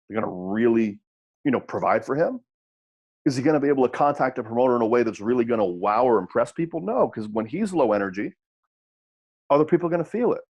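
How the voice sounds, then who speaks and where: A man giving an audio coaching seminar, repeating his points and checking in with listeners through quick rhetorical questions. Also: medium pitch, darkish tone, slightly rough. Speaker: wrestling coach.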